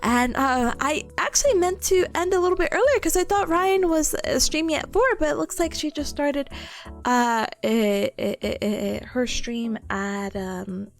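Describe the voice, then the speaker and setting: A young woman streaming a casual chat, bubbly and giggly, stammering and squealing with excitement. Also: sits high, moderate pace.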